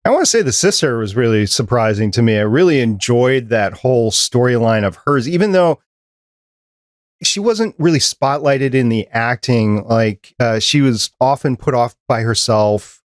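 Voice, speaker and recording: A man co-hosting a podcast who recaps film scenes in a relaxed, casual way. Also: mid-range voice, dry recording, clean studio sound. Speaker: podcast co-host. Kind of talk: casual chat.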